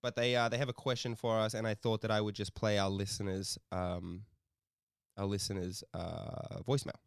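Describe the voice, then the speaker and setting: A man co-hosting a podcast, telling a story in animated, casual chat, swearing often and laughing a lot. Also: fairly low pitch, moderate pace, gravelly, clean tone, no echo, clean studio sound. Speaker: podcast co-host.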